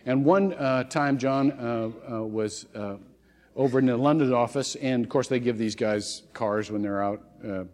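Male pastor, sermon, animated storyteller; long church reverb. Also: medium pitch, moderate pace. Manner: animated storytelling with frequent restarts. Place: church sanctuary.

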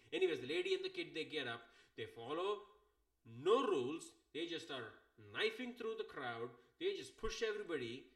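A man hosts his show and rants about a flight story, swearing freely and sounding exasperated. His voice sits at an ordinary middle pitch, and he keeps the tone loose and conversational. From India. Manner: exasperated, profane, animated. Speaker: podcast host. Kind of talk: casual storytelling rant.

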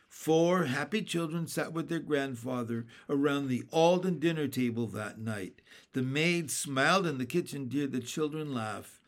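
A man reading a children's book aloud in a steady, clear storytelling manner. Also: medium pitch. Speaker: reader.

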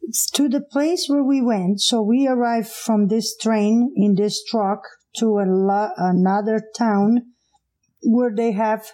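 Middle-aged woman, Portuguese accent, mellow voice, lively, laughs a lot, casual storytelling. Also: fairly high pitch, slow pace, low-quality recording. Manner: animated, laughs often, acts out voices. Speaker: guest.

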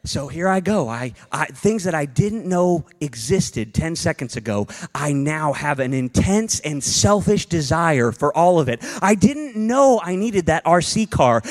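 Man, pastor, sermon, animated, swooping pitch, slightly high voice. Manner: animated, acts out quick dialogue bits.

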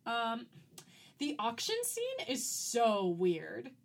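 With a highish voice, vocal fry, huge swings in pitch, and an extremely slow delivery, a woman co-hosts a podcast. She chats loosely, says "like" a lot, and laughs easily.

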